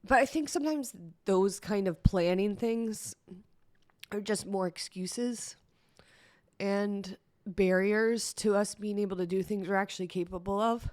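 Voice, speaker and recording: A woman's voice: mid-range voice, measured pace, a little mellow, no echo, studio quality. A woman hosting a personal solo podcast, talking candidly and chattily, teary-eyed at times. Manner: candid, emotional, chatty with fillers. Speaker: podcast host.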